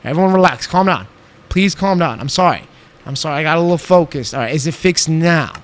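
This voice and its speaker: A man's voice: a little high, fairly quick. A young man streaming a game, chatting casually and talking back to his chat while he builds. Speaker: livestreamer.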